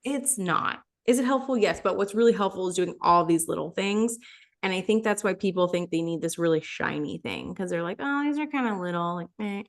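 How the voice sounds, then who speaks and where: A woman with a somewhat low voice co-hosts a casual podcast chat. She gives friendly, practical health advice in an easy, explanatory way. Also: brisk.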